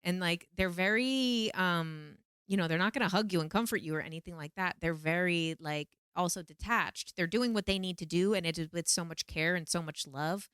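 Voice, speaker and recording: A woman vlogger telling a personal story in a casual, animated way, acting out her own pleading lines in a higher voice. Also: normal speed, hardly any pauses, smooth, dry recording, studio quality. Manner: animated, quotes herself in pleading high voice.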